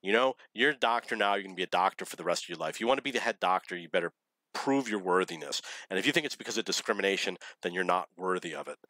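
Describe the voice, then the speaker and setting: Middle-aged man, lowish bright voice, dry close sound, blunt rambling storyteller. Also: lively intonation, fast, no room sound. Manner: blunt, opinionated, laughs at his own stories. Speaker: vlogger telling dating stories.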